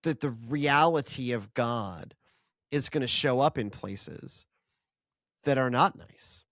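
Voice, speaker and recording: Animated podcast co-host, dry sound. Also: medium pitch, slow pace, dry recording. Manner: animated, many fillers and restarts. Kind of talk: casual Bible discussion.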